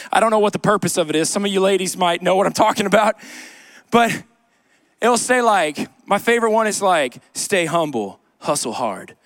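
A pastor preaches to his congregation in the church sanctuary, speaking conversationally with joking asides and repeated key lines. His voice is very high-pitched and fairly bright, captured with studio quality and no room sound.

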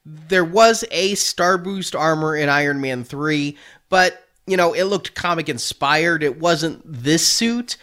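A man's voice: on the high side, slow pace, sharp tone. A man hosting a casual chat about toy figures, chatty and joking, laughing often. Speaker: toy collecting podcast host.

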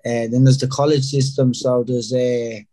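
A man's voice: mid-range voice, moderate pace, no room sound. Laid-back Irish man in his thirties. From Ireland. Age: 30s. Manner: relaxed, laid-back storytelling with many fillers. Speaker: professional footballer, guest. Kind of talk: casual interview chat.

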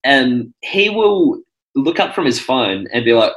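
A man's voice: medium pitch, a little slow, low-quality recording. A young Australian man co-hosting a radio show, telling stories in casual banter and laughing often. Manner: animated storyteller, laughs often. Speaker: radio co-host.

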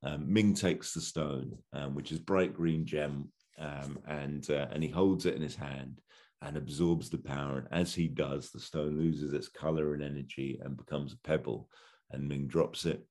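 A man's voice: extremely low pitch, fairly even intonation, normal speed, a little mellow. A man telling a story in a casual, rambling podcast chat, with many fillers. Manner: rambling, filler-heavy, chuckling.

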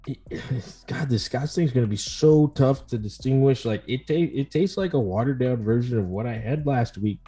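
A man co-hosting a casual whiskey-tasting podcast, loud and joking. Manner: loud, joking, swings his pitch widely. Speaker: podcast co-host.

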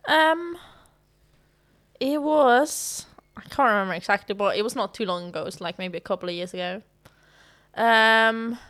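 A woman who is a guest on a podcast, speaking in a thoughtful, slightly halting way. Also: mid-range voice, a bit bright. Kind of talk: casual podcast chat.

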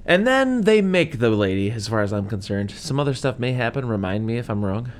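A man's voice: mid-range voice, sing-song, brisk. A man co-hosting a podcast, casually retelling an old film with jokes and silly character voices. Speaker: podcast co-host. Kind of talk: casual movie chat.

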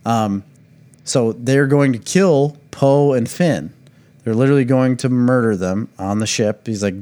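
A man's voice: medium pitch, measured pace, warm tone. Rambling man retelling movie scenes. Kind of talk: casual movie review chat.

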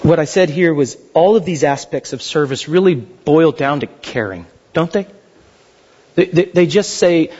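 A man delivers a sermon in a high, husky voice that climbs and dips all over as he acts out the people in his stories. His energy stays lively throughout. The recording sounds dull and lo-fi. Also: normal speed. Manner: animated storytelling, acting out quotes. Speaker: preacher.

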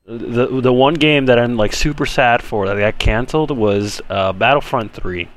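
A man co-hosting a podcast in casual chat, telling stories excitedly, with lots of fillers like "you know" and "basically.". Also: medium pitch, moderate pace. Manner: excitable storyteller, full of fillers and acted-out quotes. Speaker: podcast co-host.

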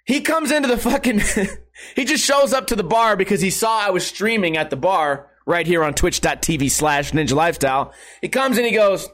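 Streamer man with a high voice, casual and profane, laughing his way through a rambling story. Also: animated, normal speed, a bit bright. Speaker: live streamer. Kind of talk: casual storytelling to a live chat.

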